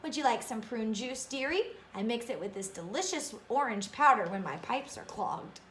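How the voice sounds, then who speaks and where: A woman's voice: on the high side, expressive, moderate pace, fairly bright tone, roomy sound, slight background noise. A woman voicing a kindly old Polish woman who cooks at a shelter, in a put-on Polish accent and a fussy, doting manner. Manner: fussy, doting, calls the boy dearie.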